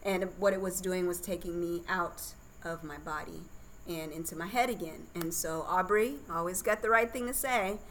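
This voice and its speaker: A woman's voice: on the low side, moderate pace, a bit bright, slight background noise, poor audio. A woman guest on a podcast telling her birth story in a candid, chatty way, laughing often.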